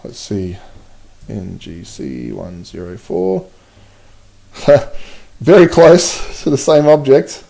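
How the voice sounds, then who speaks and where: A man's voice: on the low side, big pitch swings, takes it slowly, creaky, pauses often, mellow. A man hosting a live stream, chatting casually, reading out viewer comments and laughing often as he works at his telescope. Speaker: livestream host.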